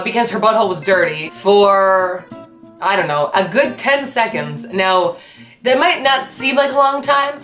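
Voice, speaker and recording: A woman hosting her vlog, telling a story in a casual, animated and profane way. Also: medium pitch. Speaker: host. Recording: echoey room with faint guitar music.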